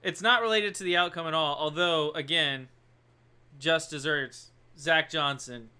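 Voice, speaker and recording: Bright, crisp-voiced joking podcast man. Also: a little high, unhurried. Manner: playful, teasing, laughs often. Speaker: podcast co-host. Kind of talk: casual chat.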